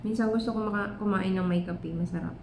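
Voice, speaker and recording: A woman's voice: mid-range voice, fairly even intonation, fast talker, darkish tone. A young Filipino mother with a Filipino accent vlogging at home, chatting to viewers and playing baby-talk games with her toddler. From Philippines. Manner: switches between talking to viewers and playful baby talk to a toddler. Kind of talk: casual home vlog. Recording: echoey room with clear background noise.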